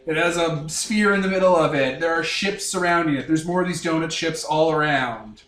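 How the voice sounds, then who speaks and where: Guy running a tabletop game, kinda high voice, dry jokey scene setting, sounds far off in an echoey room. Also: moderate pace, hardly any pauses, a bit bright, faint music behind. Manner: wry, rambling scene-setting. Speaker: game master.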